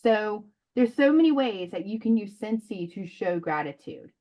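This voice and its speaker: A woman's voice: mid-range voice, animated, moderate pace, highs cut off. A woman in casual chat, talking in a chatty way with lots of fillers over a video call. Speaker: direct sales consultant.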